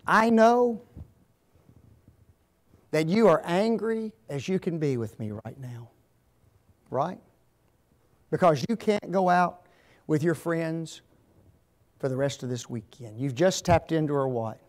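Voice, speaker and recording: A man's voice: a little high, slow pace, pauses often. A man speaking as a guest at a marriage seminar, asking the audience to fill in the blanks. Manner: asks fill-in-the-blank questions.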